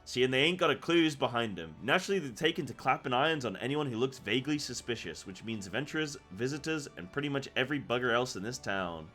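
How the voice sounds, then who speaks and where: A brash old barkeep talks in a rough seafaring dialect, as a man reading game dialogue puts him on. His voice sits at a middling pitch, gruff and hearty, with some faint music in the background. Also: animated, fast, few pauses, bright, forceful tone. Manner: reads quest text aloud in a put-on rough seafaring dialect.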